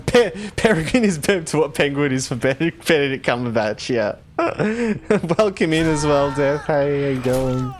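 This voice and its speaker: A man's voice: fairly high pitch, animated, measured pace, hardly any pauses, a little hiss or hum. A man with an Australian accent chatting casually while streaming a game, playful and laughing often as he talks with viewers.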